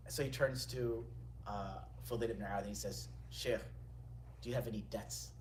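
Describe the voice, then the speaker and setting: A man teaching a religious gathering, telling stories with lively retelling, quoting Arabic lines and then translating them. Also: on the low side, normal speed, slight background noise. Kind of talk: storytelling lecture. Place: indoor gathering room. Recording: echoey room, distant mic.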